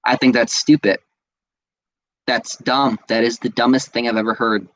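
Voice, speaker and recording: An American man hosts a casual solo podcast, ranting angrily and swearing while repeating himself and using lots of fillers. His mid-range voice is flat and fairly bright at a normal speed, and the recording is rough.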